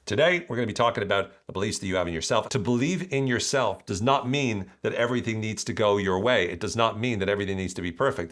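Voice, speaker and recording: A man hosting his own podcast, explaining ideas in an enthusiastic, animated solo monologue. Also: low-pitched. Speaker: podcast host.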